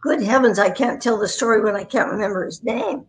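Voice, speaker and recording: A woman in her nineties chats as an interview guest, spinning rambling anecdotes with a wry, self-deprecating humor. Her voice sits a little on the high side. She is a voice performer swapping show-business stories. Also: a little fast, poor audio. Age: 90s. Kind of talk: chatty storytelling interview.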